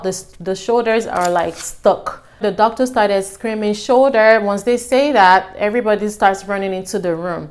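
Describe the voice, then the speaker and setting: A young adult woman casually telling her own story to her viewers, acting out what people said with a raised voice. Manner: animated, acts out quotes with raised pitch.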